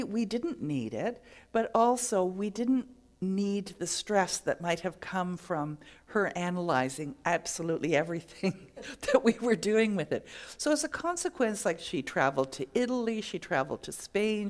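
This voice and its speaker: A middle-aged woman minister giving a sermon, telling stories and acting out the voices in them. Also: mid-range voice. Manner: storytelling, acts out quoted voices.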